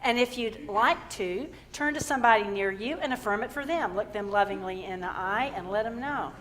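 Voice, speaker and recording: A woman's voice: medium pitch, normal speed, long reverb tail, a crowd in the background. Woman preacher telling uplifting stories. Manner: warm storytelling with easy humor; encouraging, uplifting. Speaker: minister. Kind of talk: sermon. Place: church sanctuary.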